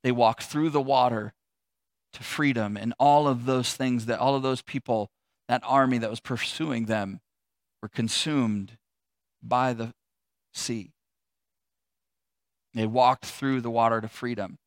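A man preaching a sermon as a pastor, building through repeated phrases and then dropping soft and low. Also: fairly even intonation, a little slow, pauses often, no room sound.

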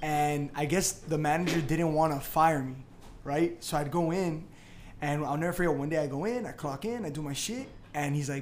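Loud swearing young man telling stories. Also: fairly high pitch, fairly quick, a little hiss or hum. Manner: loud, swearing, acts out quotes. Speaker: podcast co-host. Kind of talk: casual storytelling chat.

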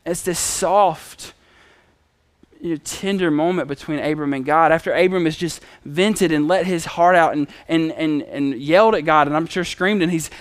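Male preacher, relaxed conversational sermon, high clear voice. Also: no room sound. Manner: conversational storytelling with acted quotes.

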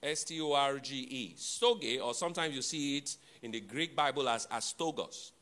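A man preaching a sermon to his congregation, teaching deliberately, repeating and spelling out key words, with playful asides to the listeners. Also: medium pitch, sharp tone. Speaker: pastor.

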